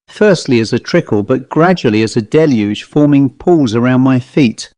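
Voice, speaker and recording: A man reading his own first-person ghost story aloud in a measured, suspenseful way. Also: medium pitch, darkish tone, no echo. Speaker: author and reader. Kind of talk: first-person scripted narration.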